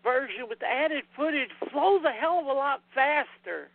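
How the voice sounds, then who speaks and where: Male co-host, very high voice, profane trivia buff, dry and tinny. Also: animated, normal speed, no room sound. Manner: swears freely, trivia-heavy. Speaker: podcast co-host. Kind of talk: casual chat. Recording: tinny phone-like dry sound.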